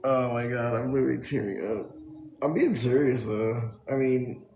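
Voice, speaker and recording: A man's voice: medium pitch, moderate pace, darkish tone, reverberant, slight background noise. A man on a casual live stream who laughs often while reading his chat aloud and riffing on its jokes.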